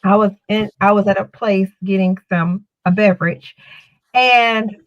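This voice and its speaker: A podcast co-host with a mid-range voice and fairly even intonation tells a story a little slowly in casual chat. She rambles, keeps repeating words and restarts often. The sound is lo-fi.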